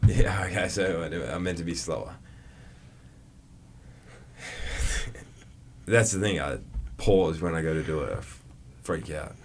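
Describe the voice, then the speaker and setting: A young Australian man with a very low voice, chatting casually as a podcast co-host. He is easygoing and quick to poke fun at himself. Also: a little hiss or hum. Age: young adult. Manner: easygoing, self-deprecating, quick laughs. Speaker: podcast co-host, college football player. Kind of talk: casual chat.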